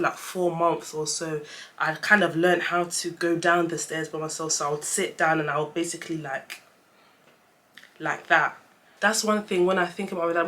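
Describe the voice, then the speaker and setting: A woman's voice: lowish voice, a bit bright. Chatty young woman vlogging. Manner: chatty, emotional, fighting back tears. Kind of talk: casual story-time vlog.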